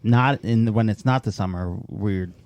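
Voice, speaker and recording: Dark-voiced man in deadpan chat. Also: fairly low pitch, moderate pace, no room sound. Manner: rambling, deadpan and absurd. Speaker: podcast co-host. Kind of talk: casual chat.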